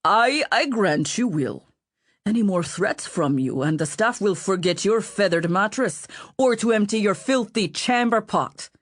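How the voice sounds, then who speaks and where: Woman doing a gruff butler. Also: mid-range voice, lively intonation, a little slow, no room sound, clean studio sound. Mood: scolding. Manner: blunt, scolding. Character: gruff sardonic male butler, bossy.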